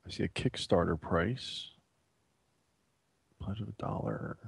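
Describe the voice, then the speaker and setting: A man co-hosts a podcast in a relaxed way, chiming in with short, easygoing remarks. His voice is slightly low. The sound is dry and close. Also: unhurried, vocal fry, husky, no room sound. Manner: easygoing, brief replies. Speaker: podcast co-host. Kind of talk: casual podcast chat.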